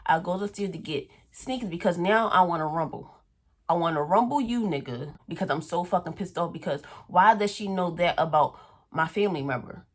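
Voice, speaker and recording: Young woman vlogger, lower voice, chatty and profane, spilling a story to her viewers. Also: brisk. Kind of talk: casual storytime vlog.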